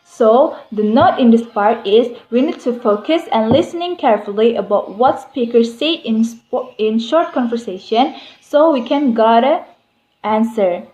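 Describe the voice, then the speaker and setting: A woman's voice: a little high, expressive, measured pace, dark tone, soft background music. A woman student presenting a listening exercise, speaking in a plain, instructive way with some slips. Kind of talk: classroom presentation. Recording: echoey room.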